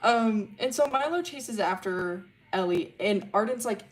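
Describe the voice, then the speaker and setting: A woman's voice: medium pitch, expressive, a little slow. A woman streamer casually telling a rambling, swear-filled story about her characters.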